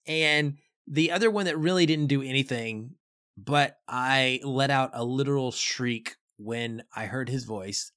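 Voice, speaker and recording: A man's voice: medium pitch, measured pace, fairly bright tone, no echo, studio quality. A man co-hosting a podcast, chatting casually and enthusiastically about a movie in a rambling way. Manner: enthusiastic, rambling, lots of fillers. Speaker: podcast co-host. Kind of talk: casual movie review chat.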